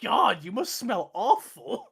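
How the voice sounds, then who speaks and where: A man's voice: very high voice, wildly swooping pitch, slow pace, gravelly, a bit bright, breathy edge, voice pushed up, exaggerated voice. A man putting on a petulant old male galactic emperor who rants with exasperated, profane sarcasm, as a comic bit in casual chat. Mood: ranting.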